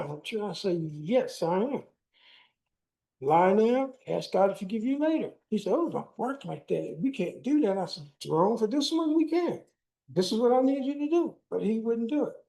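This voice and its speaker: A man's voice: high voice, dark tone, low-quality recording. An older man giving a keynote talk, telling a personal story and acting out the dialogue. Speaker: keynote speaker. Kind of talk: personal testimony speech.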